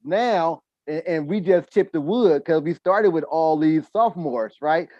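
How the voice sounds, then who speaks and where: Profane fast-talking man, dull dry sound. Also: fairly high pitch, no echo. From United States. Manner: loose and profane, many asides and restarts. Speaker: podcast host. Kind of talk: casual chat.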